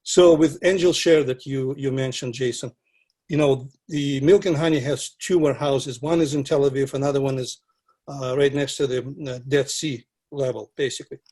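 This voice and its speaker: A man who is a non-native English speaker, chatting casually about whisky in a halting way with many restarts. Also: mid-range voice, steady tone, darkish tone, husky. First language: not English. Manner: halting, with frequent restarts and filler. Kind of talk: casual conversation.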